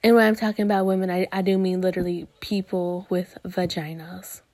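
A woman's voice: fairly low pitch, level tone, brisk, warm tone, dry recording. A woman hosting a podcast, ranting in a crude, profane, casual way, full of groans and disgusted sighs. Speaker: podcast host.

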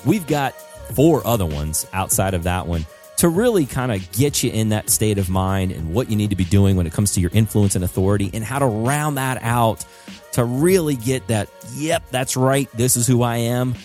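Male podcast host, low-pitched, bouncy delivery, energetic casual chat. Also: normal speed, faint music behind. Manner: upbeat, hyped-up.

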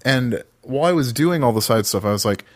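A man's voice: mid-range voice, lively intonation, fairly quick, no room sound. A man hosting a casual podcast chat, talking loosely with restarts and plenty of swearing. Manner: rambling, many restarts, swears freely. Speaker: podcast host.

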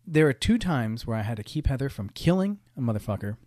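A young man holding forth on his podcast, wry and swearing freely as he rambles through stories with plenty of restarts. His voice sits at an ordinary middle pitch. The sound is close and dry, with no room around it. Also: big pitch swings, fast talker, darkish tone, dry recording. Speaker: podcast host. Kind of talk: casual storytelling monologue.

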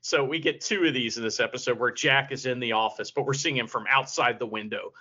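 A man hosting a casual podcast chat, animated, laughing often and swearing casually. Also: medium pitch, a little fast. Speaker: podcast host. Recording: dull lo-fi audio.

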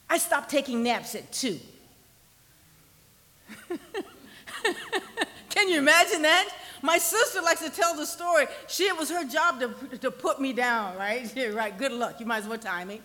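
A woman pastor, preaching a sermon in a conversational style that sometimes drops to a soft near-whisper for emphasis. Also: high-pitched, lively intonation, moderate pace, in a large hall. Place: church sanctuary.

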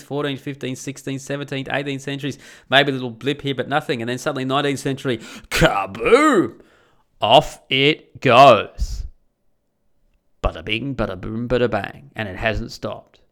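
A man's voice: mid-range voice, fairly even intonation, fast. A man delivering a crude, combative monologue full of rhetorical questions. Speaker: commentator. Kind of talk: ranting monologue.

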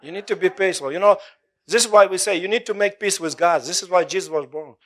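Male preacher, slightly high pitch, animated, laughs between lines. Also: fast. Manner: animated, laughing often, call-and-response with congregation. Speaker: pastor. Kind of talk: sermon.

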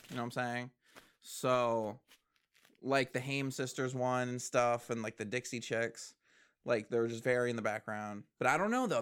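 A man casually reacting to new songs, excitable, swearing often and breaking into laughter. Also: mid-range voice. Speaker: music reaction host. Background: faint music.

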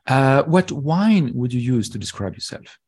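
Male host, husky voice, mid pitch, brief measured questions. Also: sing-song, darkish tone. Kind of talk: interview questions.

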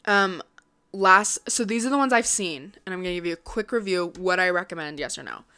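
Young woman, vlogger, casual chat, chatty and upbeat, smooth clear voice. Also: on the low side, bright, forceful tone. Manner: chatty, quick and upbeat, lots of "like" and "um".

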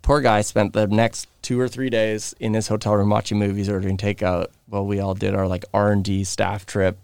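A man's voice: fairly low pitch, level tone, fairly quick, creaky, a little mellow, clear, resonant tone, dry recording, studio quality. A Canadian man co-hosting a podcast, animatedly telling a story and acting out the people in it. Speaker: podcast co-host. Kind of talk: casual storytelling chat.

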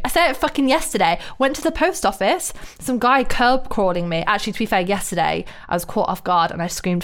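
A woman's voice: medium pitch, lively intonation, a little fast, few pauses. A woman in casual chat, telling stories bluntly and animatedly, swearing freely.

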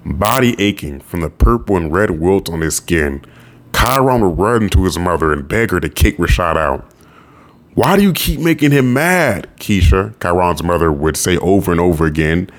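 A man narrating a novel audiobook in a steady storytelling voice. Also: deep voice, normal speed.

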